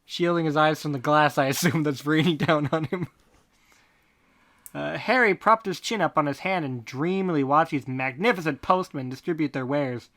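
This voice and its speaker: A podcast host reading fan fiction aloud in a deadpan tone, breaking off for snarky comments. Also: medium pitch, moderate pace. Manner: deadpan reading broken by snarky asides and laughter. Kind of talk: comic fanfic reading with asides.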